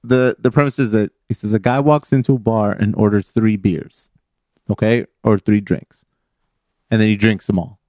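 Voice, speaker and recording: A man's voice: fairly low pitch, fairly even intonation, moderate pace, darkish tone, no room sound, clean studio sound. A man co-hosting a casual podcast, teasing and laughing easily. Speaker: podcast co-host. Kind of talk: casual chat.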